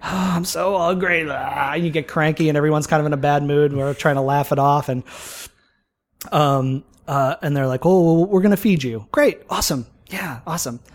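Casting: slightly high-voiced man, animated, swears a lot, tells stories in casual chat. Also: brisk. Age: older than mid-twenties. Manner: profane, animated storytelling with acted-out quotes.

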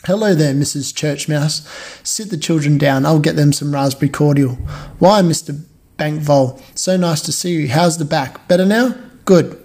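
A man's voice: on the high side, moderate pace, darkish tone. A man voicing a kindly, bustling mouse helper who chats and welcomes guests in a lilting voice. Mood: welcoming.

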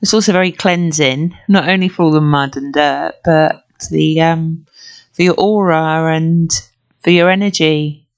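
Woman, middle-aged, British, podcast host, rambling casual monologue, lowish pitch, gravelly fry. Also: fairly even intonation, unhurried. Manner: rambling, gentle and chatty, with many fillers.

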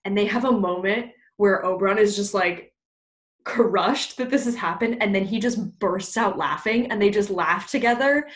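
A woman's voice: mid-range voice, moderate pace, roomy sound. A young woman co-hosting a podcast, recapping a play's plot in casual chat, laughing often and acting out the characters' lines with a bit of swearing. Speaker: podcast co-host.

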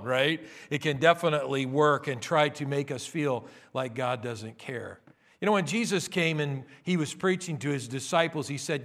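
Earnest older male pastor preaching. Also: normal speed. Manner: earnest, swells louder and higher on key phrases. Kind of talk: sermon.

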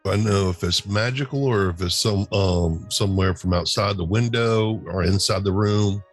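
Calm low-voiced man playing a tabletop game. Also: normal speed, faint music behind. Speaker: player.

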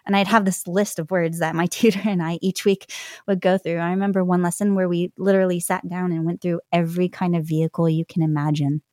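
A woman guest tells stories in a relaxed interview, chatty and quick to laugh. Her voice sits on the low side, and it is recorded close and dry. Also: no room sound. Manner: chatty, laughs often while telling stories. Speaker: guest, language learner. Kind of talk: casual interview storytelling.

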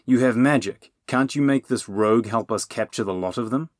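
A man's voice: medium pitch, normal speed, dry recording, clean studio sound, pitched above the performer's own voice, lightly acted. A man voicing a suspicious male sheriff who speaks in a stern, demanding way. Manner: demanding, intoning.

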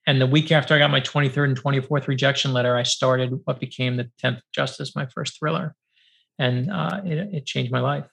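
A middle-aged man from New York, an author guest telling lively stories in a podcast interview over a video call, acting out the dialogue he recalls. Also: mid-range voice, brisk, creaky. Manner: lively, acts out quoted dialogue, many fillers of 'like'. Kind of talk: animated storytelling in a podcast interview.

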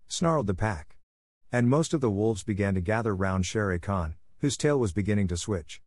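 A man with a low voice narrates a classic tale in a measured, dramatic way. The recording is close and dry, with no room sound around him. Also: lively intonation, a little mellow, dry recording. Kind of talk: storybook reading.

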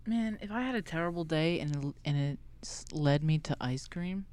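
A man's voice: a little high, expressive, normal speed, a little mellow, smooth. A man co-hosting a podcast, chatting casually and telling a joke, playful and laughing often. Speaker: podcast co-host.

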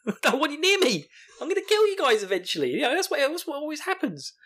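Man doing a young farm boy, high and panicky, stammers. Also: very animated, a little fast, fairly bright tone, heavily acted. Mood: frantic. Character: flustered young male farm boy, bewildered.

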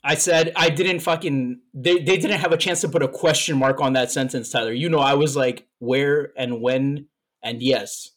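A man's voice: a little high, brisk, hardly any pauses, a bit bright. A man co-hosting a podcast in casual chat, telling a long story with repeated words, emotional and a little out of breath. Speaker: podcast co-host.

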